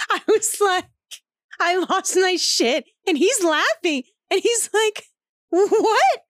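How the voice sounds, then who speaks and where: A woman in her thirties co-hosting a podcast, telling stories in a lively way, swearing freely and laughing often. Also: very high-pitched, takes it slowly, dry recording, clean studio sound. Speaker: podcast co-host. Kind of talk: casual chat.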